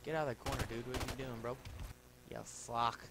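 A man calling out his own shooter match as he plays, excitable and quick to curse. His voice sits at an ordinary middle pitch, with a faint hiss of noise under it. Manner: excitable, cursing, talking to himself while playing. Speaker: gamer making a trolling video. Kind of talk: gameplay commentary.

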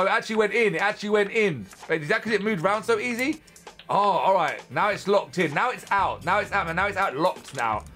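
A young man, chatting casually and exclaiming loudly as he unboxes and tests spinning-top toys. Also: high-pitched. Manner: excitable, chatty, exclaims loudly at toy battles. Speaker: toy reviewer. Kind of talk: casual unboxing and testing commentary.

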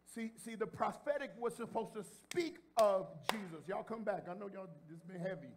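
Man, pastor, high-pitched, sermon in a church, calls out to the congregation, builds to shouting. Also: normal speed, a little hiss or hum. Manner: emphatic, repeats phrases and builds to shouting; addresses the congregation directly and informally. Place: church sanctuary before a congregation.

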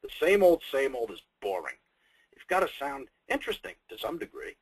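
Man teaching sales in a webinar, lively swooping delivery, slightly husky, dry close sound. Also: mid-range voice, fairly quick, dry recording, poor audio. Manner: emphatic, conversational, repeats key points; humorous, off the cuff. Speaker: sales trainer. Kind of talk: webinar presentation.

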